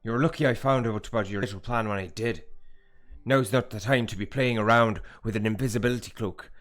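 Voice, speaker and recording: A man voicing a gruff, grizzled old male wizard, barking his lines with force. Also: on the low side, brisk, fairly bright tone, pitched above the performer's own voice, lightly acted. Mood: stern.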